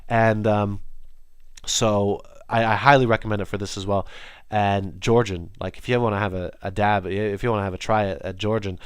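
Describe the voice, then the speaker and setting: A man's voice: fairly low pitch, fairly even intonation, normal speed, clean tone, no echo, clean studio sound. A young man hosting a podcast, talking alone in a casual, enthusiastic, rambling way with many restarts. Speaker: podcast host. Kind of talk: casual solo monologue.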